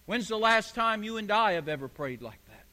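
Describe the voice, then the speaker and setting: A man's voice: sits high, expressive, normal speed, bright, forceful tone, in a large hall. A man preaching a sermon as pastor, emphatic and building phrase on repeated phrase.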